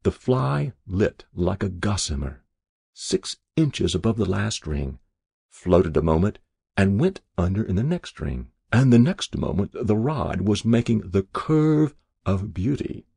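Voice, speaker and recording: Guy reading a story out loud, raspy gravelly voice, dry close sound. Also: fairly low pitch, dry recording. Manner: measured, expressive storytelling. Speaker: narrator.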